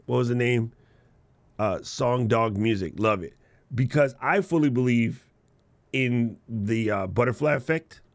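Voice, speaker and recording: A man hosting a live podcast, telling stories in a slangy, animated way and laughing often. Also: mid-range voice, no room sound. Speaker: podcast host. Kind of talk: casual live-stream storytelling.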